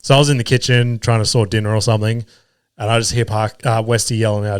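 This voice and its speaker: A man's voice: fairly low pitch, fairly even intonation, quick pace, smooth, no room sound. Aussie guy rambling on his podcast, swears a lot, laughs at his own stuff, dry close sound. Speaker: comedian and podcast host. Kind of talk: casual solo podcast storytelling.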